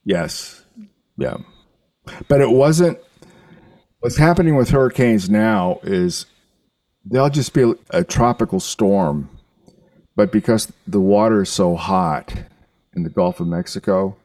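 Rambling older man with a low voice. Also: animated, a little mellow, no echo. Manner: rambling, halting storyteller who swears. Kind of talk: casual chat.

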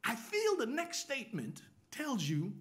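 A man preaches in a church, his pitch sitting high and leaping all over. He drops to near-whispers for weight, then bursts out loud and excited, acting out voices as he goes. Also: unhurried. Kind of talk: animated sermon.

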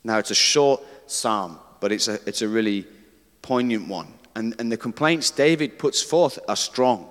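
A man's voice: on the low side, animated, measured pace. A man preaching a conversational sermon, earnest, who reads scripture aloud. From Britain. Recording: reverberant hall.

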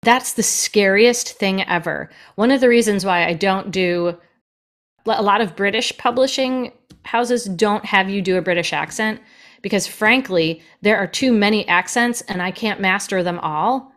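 A woman who narrates audiobooks, chatting in a podcast about her craft, quick and lively in her delivery. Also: mid-range voice. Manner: fast, lively and animated. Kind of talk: casual podcast conversation.

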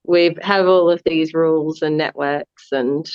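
A woman in her thirties with an Australian accent, a guest in a casual interview, talking haltingly with many fillers and restarts. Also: low-pitched, fairly even intonation, a little mellow, clean tone, no echo, lo-fi sound. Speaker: guest, marathon runner.

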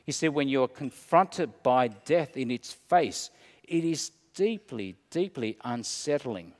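A man preaching as a pastor, slow and dramatic, dropping to a hush and then rising. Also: medium pitch, expressive, big-room sound. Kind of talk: sermon.

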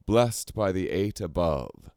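A man's voice: deep voice, animated, slow, darkish tone, clear, resonant tone, no room sound, clean studio sound, voice pushed up, heavily acted. A man voicing a scheming human scribe king who speaks formally and persuasively, in a storybook reading. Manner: formal, ceremonious speech.

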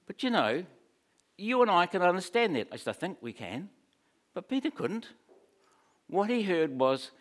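A man's voice: fairly high pitch, very animated, moderate pace, pauses often. A man preaching a sermon in a conversational, storytelling way, with humorous asides.

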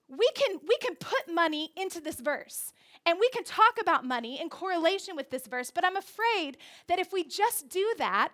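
High-voiced woman pastor preaching. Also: sharp tone. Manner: emphatic preaching, repeating phrases for stress. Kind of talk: sermon. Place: church sanctuary.

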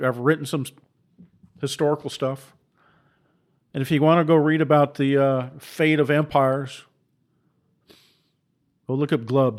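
Guy preaching hard, slightly high voice, keeps repeating himself and stammering restarts. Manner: forceful, repetitive, rhetorical questions, stammering restarts. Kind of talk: impassioned preaching commentary.

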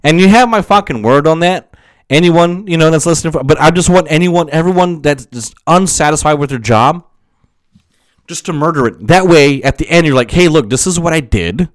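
A man's voice: on the high side, brisk, no room sound. A young man talks through his solo podcast in a loose, rambling way, swearing freely as he pep-talks himself. His voice sounds worn and strained. The sound is dry and close to the mic. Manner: profane, rambling, self-motivating with frequent laughs. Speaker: podcast host. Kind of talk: casual solo podcast monologue.

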